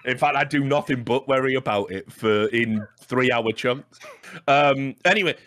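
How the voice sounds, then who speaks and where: A man's voice: mid-range voice, moderate pace, fairly bright tone. A man hosting a casual esports podcast, telling rambling, swear-filled anecdotes with stammered restarts. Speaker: podcast host.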